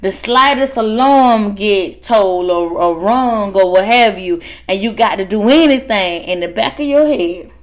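A woman giving a casual motivational talk to fellow workers, animated and laughing as she acts out her family's voices. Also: mid-range voice, measured pace, few pauses. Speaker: speaker addressing workers.

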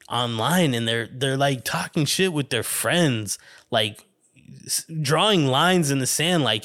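A man's voice: mid-range voice, fairly bright tone. A man hosting a solo podcast, rambling casually, swearing constantly and laughing often. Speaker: podcast host.

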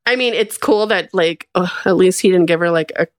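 A woman's voice: on the low side, brisk, no echo, studio quality. A young woman co-hosting a podcast in casual chat, often reacting with short agreeing words. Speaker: podcast co-host.

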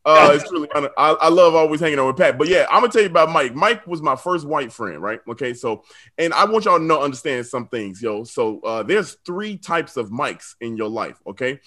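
Male storyteller, 30s; high, bright voice, animated and laughing. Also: a little fast. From South Side of Chicago. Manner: animated, laughing often, slangy asides to the audience. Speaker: storyteller on a comedy show. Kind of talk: comic storytelling.

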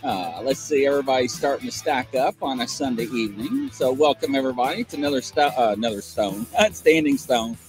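Chatty man hosting a live show, lively pitch. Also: a little fast, hardly any pauses, soft background music. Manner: rambling, chatty storyteller with many fillers and restarts. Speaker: host of a live call-in show. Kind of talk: casual live-stream chat.

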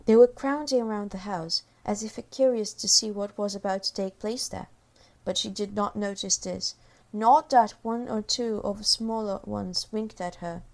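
A woman reading a classic children's story aloud with expressive, varied delivery. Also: medium pitch, normal speed. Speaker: reader. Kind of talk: storybook narration.

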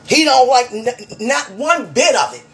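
A woman's voice: a little high, very animated, measured pace, fairly bright tone. A woman giving a fervent, emotional spiritual message to one listener, preaching and repeating her phrases.

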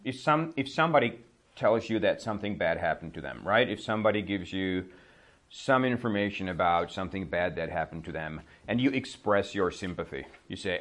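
A man's voice: lowish voice, expressive, a little fast, fairly bright tone. A man in his thirties teaching everyday English phrases in a casual, chatty way, laughing often and acting out short example lines. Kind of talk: casual spoken English lesson.

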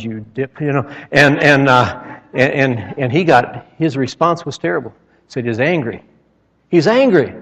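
A man preaching a sermon, telling stories with dramatic retellings and emphatic outbursts. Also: mid-range voice. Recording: echoey hall, dull lo-fi sound.

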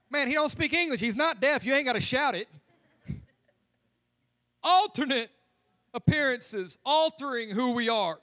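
A man's voice: very high voice, sharp tone. A man preaching a humorous, conversational sermon as pastor in a church. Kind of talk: lively sermon. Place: church sanctuary.

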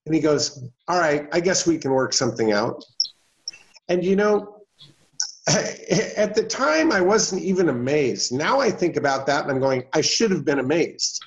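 A man's voice: fairly high pitch, sing-song, a little slow. A middle-aged man telling a personal story as an interview guest, folksy and anecdotal, acting out the people in it. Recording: dull lo-fi sound.

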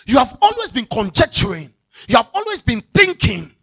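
A man's voice: extremely high pitch, wildly swooping pitch, moderate pace, creaky, slightly rough. A man preaching a sermon, repeating key words and calling out to the congregation. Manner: repetitive, call-and-response preaching, bursts into shouting.

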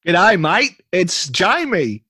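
A man's voice: sits high, sing-song, slow, sharp tone, breathy edge, voice pushed up, heavily acted. A man putting on a hammy cheery Aussie bloke. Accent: put-on Australian. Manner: exaggerated, hammy. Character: stereotyped cheery Australian bloke.

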